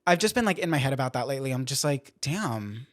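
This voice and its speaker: A man's voice: medium pitch, lively intonation, very fast, no echo, clean studio sound. A young man hosting a podcast, rambling casually with lots of fillers and self-deprecating venting. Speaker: podcast host. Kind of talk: casual chat.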